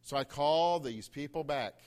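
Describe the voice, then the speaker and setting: A man's voice: on the high side, measured pace, darkish tone. A middle-aged man preaching a sermon, telling a funny story and building to emphatic points. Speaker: pastor.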